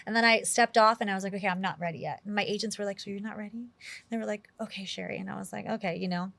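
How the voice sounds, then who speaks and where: Chatty, animated woman telling stories. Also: medium pitch, very fast, vocal fry. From New York City. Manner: animated, chatty, full of "like" and acted-out quotes. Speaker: actress guest. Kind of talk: casual interview storytelling.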